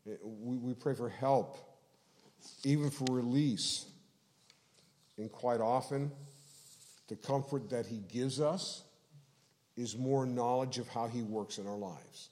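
A man preaching an expository sermon, explaining scripture in a measured way and slowing down to stress key phrases. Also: medium pitch, a little mellow. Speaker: pastor.

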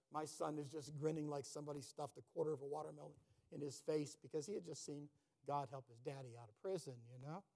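A middle-aged man preaching a sermon, telling a personal story and swinging from loud, booming lines to hushed, near-whispered ones. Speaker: pastor.

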